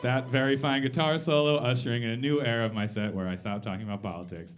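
A man in his thirties doing a live stand-up set in a basement venue, swearing freely, mocking himself and tossing quick asides to the crowd. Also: medium pitch, steady tone, faint music behind. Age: 30s. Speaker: stand-up comedian.

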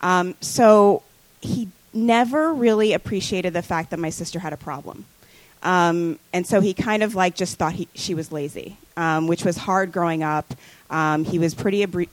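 Woman guest, casual story, halting delivery, slightly low voice, dry close mic. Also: no room sound, low-quality recording. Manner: hesitant, lots of ums and likes.

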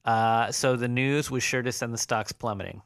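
A man's voice: mid-range voice, normal speed, a bit bright, smooth, dry recording. A man co-hosting a comedy podcast, reading a news story aloud and spinning it into rambling, exaggerated analogies in casual chat. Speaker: podcast co-host.

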